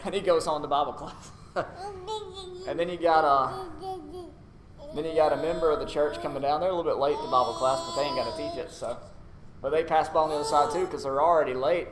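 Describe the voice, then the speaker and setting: A man's voice: a little high, lively intonation, moderate pace. A man preaching a sermon in a conversational, storytelling way, acting out short asides. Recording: echoey room with faint noise.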